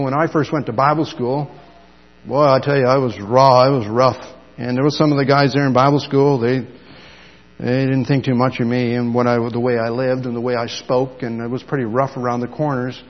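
Animated middle-aged male preacher in a hall. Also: medium pitch. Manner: animated storytelling, acts out dialogue. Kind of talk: sermon. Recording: dull sound in a long-reverb hall.

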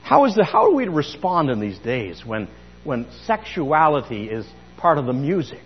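A man preaching a sermon in church as pastor, telling stories with emphasis and bursts of loud speech. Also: medium pitch, sing-song, normal speed, long reverb tail, muffled recording, faint music behind. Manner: emphatic storyteller, rising to loud outbursts.

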